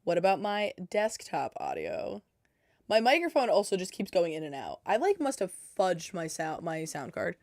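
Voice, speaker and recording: A woman's voice: fairly low pitch, huge pitch swings, moderate pace, darkish tone, dry recording, clean studio sound. A woman livestreaming her game development, chatting casually into a headset and talking to herself in a flustered, self-deprecating way. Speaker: game dev streamer.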